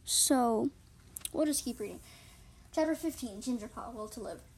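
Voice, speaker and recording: A woman's voice: a little high, lively intonation, moderate pace, a little mellow, rough recording. A woman reading her own story aloud, often tripping over words and correcting herself. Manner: frequent slips and self-corrections. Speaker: reader.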